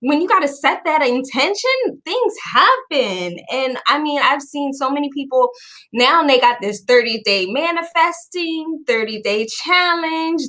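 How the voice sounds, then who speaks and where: A woman host chatting casually on a video call, bubbly and animated, laughing often as she tells stories. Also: high-pitched. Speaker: podcast host.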